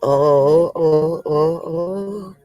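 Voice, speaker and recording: A man's voice: a little high, drawn-out words, mellow, dry recording, highs cut off, soft background music. A man hosting a comedy livestream, telling corny jokes to his chat, laughing at them and poking fun at himself. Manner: laughs at his own jokes, self-deprecating. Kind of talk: telling one-liner jokes to a live chat.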